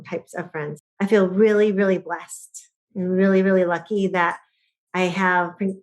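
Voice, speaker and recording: A middle-aged woman, a podcast guest who speaks on joy and laughter, telling stories in lively conversation and often laughing. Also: lowish voice. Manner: animated storyteller, often laughing.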